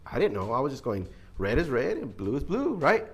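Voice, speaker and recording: A man telling army stories casually, animated and swearing now and then. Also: mid-range voice, brisk, husky. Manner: animated, acts out quoted voices, casual swearing. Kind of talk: casual storytelling.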